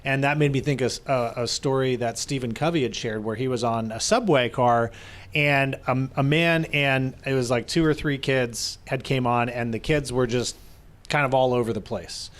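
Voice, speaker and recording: An earnest man co-hosting a live podcast conversation. His voice sits at a middle pitch, and he slips into quoted voices as he retells stories. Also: moderate pace. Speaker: podcast co-host.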